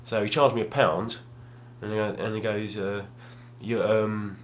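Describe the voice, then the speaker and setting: A man's voice: on the low side, steady tone, moderate pace. A young man telling a rambling, self-deprecating story at home, casual and full of restarts. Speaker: gaming vlogger. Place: home room, at a table.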